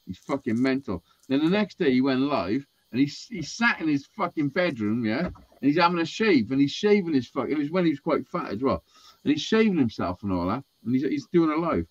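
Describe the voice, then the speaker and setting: On a casual podcast, a man tells a rambling story full of swearing, animatedly acting out what people said. His voice is a little high and fairly quick, with no echo, and the recording sounds dull and lo-fi.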